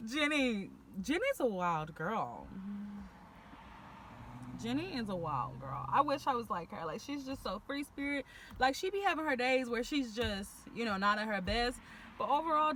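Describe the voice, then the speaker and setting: A woman's voice: mid-range voice, a bit bright, slight background noise. A young woman from Texas with a Houston accent, chatting casually and animatedly to camera about her friends, full of slang. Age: young adult. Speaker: vlogger.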